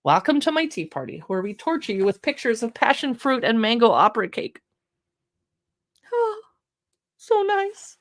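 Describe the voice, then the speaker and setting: A woman's voice: on the high side, very animated, moderate pace. A chatty woman hosting a casual livestream, leafing through a cookbook and exclaiming over the pictures with self-deprecating asides. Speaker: livestream shopping host.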